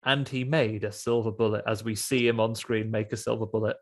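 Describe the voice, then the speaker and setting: A man's voice: fairly low pitch, steady tone, fairly quick. A man hosting a casual film podcast, rambling and swearing as he acts out little scenes. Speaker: podcast host.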